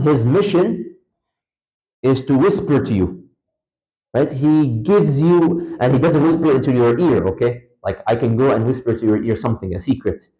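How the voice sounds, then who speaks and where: A man teaching a religious lecture to a class in a mosque, talking to listeners directly and telling lively examples with big swings in his voice. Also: rough recording. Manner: animated, emphatic storytelling with wide pitch swings; conversational, addresses listeners directly. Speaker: Islamic lecturer. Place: mosque lecture hall, indoors.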